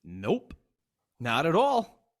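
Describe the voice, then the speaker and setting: A man's voice: on the high side, wildly swooping pitch, drawn-out words, no echo, studio quality. A man co-hosting a podcast, trading crude jokes in casual banter. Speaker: podcast co-host. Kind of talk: casual chat.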